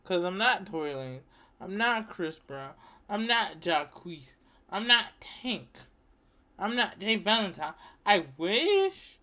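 A man's voice: high-pitched, sing-song, takes it slowly, bright, forceful tone. A man giving a casual rant to his viewers, emphatic and profane, repeating himself for effect. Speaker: vlogger.

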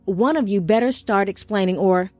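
Woman reading earnest young man, urgent, questioning, mid-pitched, dry sound. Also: normal speed, darkish tone, no room sound, soft background music, lightly acted. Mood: alarmed. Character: earnest young human man, quick to alarm.

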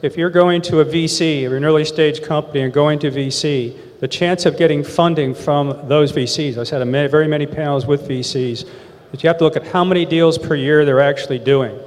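A man's voice: fairly high pitch, fairly quick, a little mellow. A man speaking as an investor on a panel, making his points emphatically. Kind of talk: panel discussion. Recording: long hall reverb.

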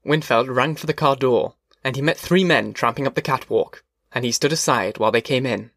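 A man reading a novel aloud as an audiobook narrator, measured and steady. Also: medium pitch, no echo, studio quality.

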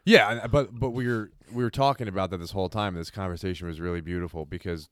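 A man's voice: deep voice, quick pace, no room sound, studio quality. A man in casual chat, musing reflectively about motivation with many "like" fillers.

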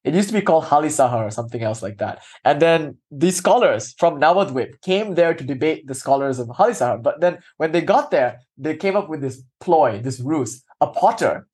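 A man's voice: on the high side, animated, fairly quick, hardly any pauses, a little mellow. A man teaching a class, telling a story in a casual, filler-heavy way.

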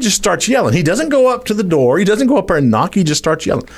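Folksy Louisiana storyteller, male, lively pitch. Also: quick pace, few pauses. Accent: Louisiana Southern US. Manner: folksy, dramatic, addresses listeners as y'all. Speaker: storyteller guest. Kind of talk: animated storytelling.

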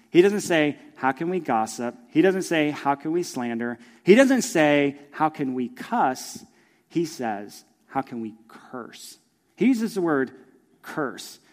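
A man preaching a sermon as pastor in a church, animated and storytelling, acting out voices of his kids. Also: on the high side, in a large hall.

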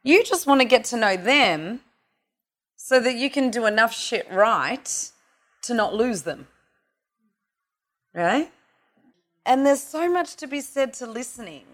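A middle-aged woman teaching tantra in a casual, profane, animated way, acting out little voices as she talks. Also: on the high side, slow pace, pauses often. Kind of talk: casual spiritual talk.

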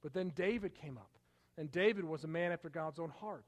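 A man's voice: fairly high pitch, fairly quick. A middle-aged man preaching a sermon in a conversational way, rising in volume to stress a point and often restarting his sentences. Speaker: pastor.

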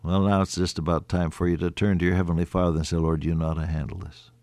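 A man preaching an earnest sermon, quoting scripture in old-fashioned wording and rising, then dropping to a hushed voice. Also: low voice, flat delivery, fast talker, dry recording. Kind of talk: radio sermon.

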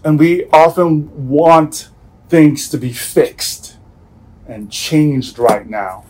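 A man preaching a sermon as pastor, earnest and searching, often repeating himself and letting sentences fall away quietly. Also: medium pitch, poor audio. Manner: earnest, with many restarts and soft trailing endings.

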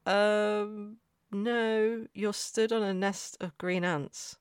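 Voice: mid-range voice, fairly even intonation, very slow, clear, resonant tone, no echo, studio quality, pitched above the performer's own voice. A startled farm manager, as a storyteller quotes him. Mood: matter-of-fact.

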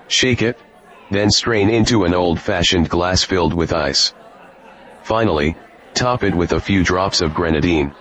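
A man voicing a deep-voiced, laid-back robot bartender. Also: measured pace. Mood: easygoing. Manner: relaxed, friendly bar talk. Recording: dull lo-fi sound with faint crowd.

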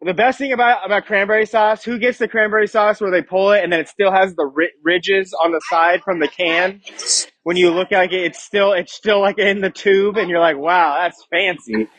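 In a church youth room, a thirties-aged youth pastor delivers a casual, joking sermon and keeps throwing questions at the crowd. His voice sits high with a steady tone, brisk and a bit bright, captured in a dry recording.

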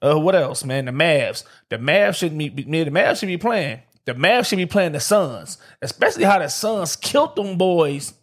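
On a casual solo sports podcast streamed live on camera, a Detroit man speaks in an expressive, slightly high voice at a moderate pace with few pauses. He keeps it loose and slangy, leaning on "like I said" and "man."

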